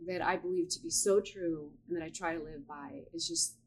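In a low voice and at a fairly quick pace, a podcast co-host in her forties chats casually, sounding supportive and reflective. There's a little hiss or hum in the audio.

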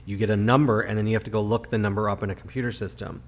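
A man's voice: on the low side, little pitch movement, rapid-fire. Swearing man ranting on a podcast. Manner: profane, ranting, loud. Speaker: podcast co-host. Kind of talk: casual podcast chat. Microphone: close home podcast mic, hot levels.

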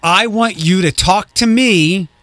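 A man's voice: high voice, slow, fairly bright tone, no echo. A man hosting a morning radio show, trading playful, teasing banter with callers and his co-host in a studio. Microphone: studio microphone.

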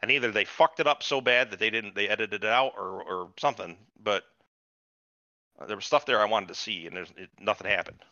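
A man's voice: fairly low pitch, fairly quick, sharp tone, dry recording. Podcast host guy cussing a lot, dry close sound, kinda muffled. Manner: profane, ranting, exasperated. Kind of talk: casual chat. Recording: dull lo-fi recording.

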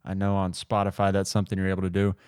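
A man's voice: deep voice, completely flat delivery, rapid-fire, darkish tone, smooth, no room sound, studio quality. A man hosting a podcast in casual chat, laughing easily and rambling a bit. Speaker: podcast host.

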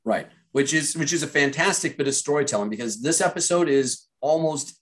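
Measured man recapping a show. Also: on the high side, a bit bright. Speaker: podcast co-host. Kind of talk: casual chat reviewing a TV series.

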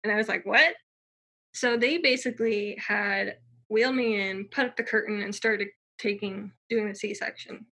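A woman's voice: mid-range voice, fairly even intonation, moderate pace, fairly bright tone. A young woman telling her personal story in a casual, chatty way, full of fillers and acted-out quotes.

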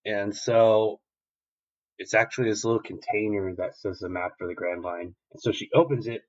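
Low-voiced man rambling through a recap. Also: moderate pace, highs cut off. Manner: rambling, profane, animated retelling. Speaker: podcast host. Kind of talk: casual episode recap.

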